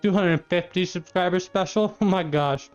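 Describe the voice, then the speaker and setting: A man's voice: sits high, normal speed, darkish tone, dull audio, faint music behind. A man live-streaming from his home kitchen, chatting casually with his chat, laughing often and eating as he talks.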